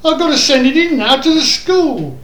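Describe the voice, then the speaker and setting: A woman's voice: high-pitched, big pitch swings, moderate pace. Woman playing Tommy Tucker, forgetful boy. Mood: plaintive. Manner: plaintive, complaining. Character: scatterbrained young boy who loses his homework. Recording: echoey room with faint noise.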